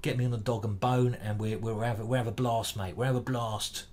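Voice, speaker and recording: A man's voice: mid-range voice, fairly even intonation, a little fast, a little mellow, natural voice. Hearty Cockney pub regular put on by a man, exaggerated accent, matey tone.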